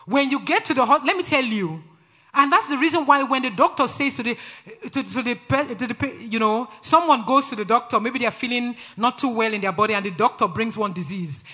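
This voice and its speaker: A man with a Nigerian accent preaching a sermon in a brash, forceful way. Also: very high voice, expressive, fairly quick. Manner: brash, forceful, laughs often between phrases.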